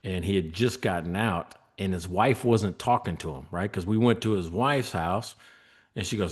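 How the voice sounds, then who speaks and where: Lively storytelling man with a low voice. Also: normal speed, slightly rough. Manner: animated storyteller, laughs often, acts out quoted lines. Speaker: guest, former state trooper. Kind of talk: storytelling in a podcast interview.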